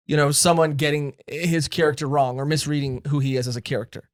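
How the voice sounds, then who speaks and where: A man's voice: on the high side, little pitch movement, quick pace. A man co-hosting a podcast, talking in casual chat and rambling with restarts. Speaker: podcast co-host.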